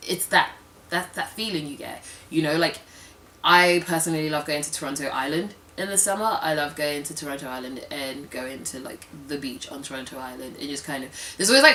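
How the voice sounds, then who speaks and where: A woman's voice: low voice, fairly bright tone. A young British woman talking casually and frankly to camera, full of fillers and quoted asides. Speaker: vlogger. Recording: roomy sound from a distance.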